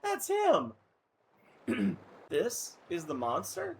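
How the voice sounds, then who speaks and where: A man voicing a tiny frightened fairy in a squeaky, excited, pleading way. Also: extremely slow, slight background noise, exaggerated voice.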